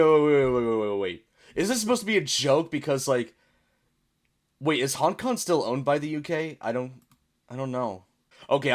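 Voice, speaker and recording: A young American man hosts a casual meme reaction video, chatting and reading captions aloud. His voice sits at an ordinary middle pitch, and he often stops to wonder out loud what a joke means. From United States. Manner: chatty, puzzled, reads captions aloud, bursts of laughter. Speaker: YouTube reaction host.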